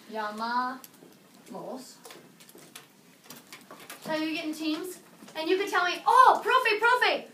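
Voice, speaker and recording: A woman teaching a high school Spanish class, playful and lively, quizzing her students. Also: a little hiss or hum. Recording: echoey classroom from a distance.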